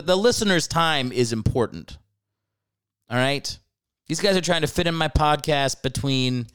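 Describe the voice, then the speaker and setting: Animated, irreverent male podcast host. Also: medium pitch, clean tone, dry recording, studio quality. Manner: irreverent, rambling, profane asides. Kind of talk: casual comedic solo podcast.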